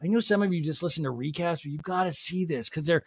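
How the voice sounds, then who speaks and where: A man's voice: on the high side, fast talker, breathy edge, no room sound, clean studio sound. A man hosting a podcast, giving a casual, laughing recap of a reality show and acting out quotes in different voices. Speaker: podcast host.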